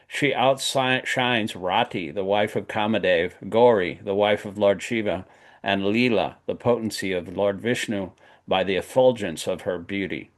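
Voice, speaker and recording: A man with a fairly low voice leads a class over a video call. He reads scripture aloud in a steady, list-like way and adds brief comments of his own. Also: a little slow. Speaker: class leader.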